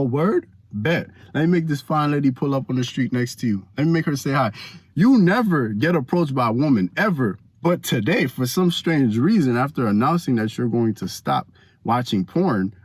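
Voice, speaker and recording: A man giving casual faith advice to the camera, animated and slangy, talking straight to viewers. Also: mid-range voice, no echo. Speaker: Christian vlogger giving advice.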